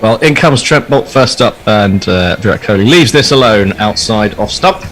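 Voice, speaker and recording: A man's voice: fairly low pitch, lively intonation, moderate pace, a bit bright, soft background music, rough recording. A man hosting a casual ball-by-ball cricket commentary in a chatty, easygoing way. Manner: easygoing, chatty, laughs readily.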